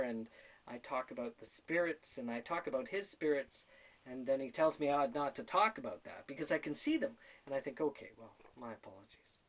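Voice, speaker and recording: A man telling a personal story to camera, animatedly quoting conversations and laughing at himself. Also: medium pitch. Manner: animated, quotes conversations in his own voice. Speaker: spiritual storyteller.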